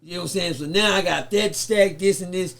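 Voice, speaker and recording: A man, telling a story in a sit-down interview. He talks in an animated, profane way and acts out the people he quotes. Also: sits high, brisk, creaky. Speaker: guest.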